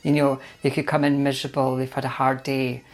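A woman's voice: a bass voice, level tone, fairly quick. A Scottish woman, a hairdresser, chatting casually in an interview and often finishing her colleague's sentences.

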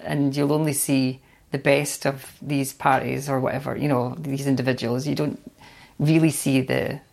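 A Scottish woman with a very low, gravelly voice chats casually about her salon work. She is talkative and often jumps in to finish her colleague's thoughts. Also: level tone, moderate pace, darkish tone. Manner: chatty, finishes others' sentences. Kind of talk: casual interview chat.

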